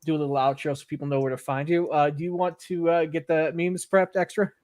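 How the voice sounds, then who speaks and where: A man's voice: a little high, flat delivery, fast, a little mellow, no room sound, studio quality. A man hosting a casual podcast, steering the segments in a loose, joking way. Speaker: host.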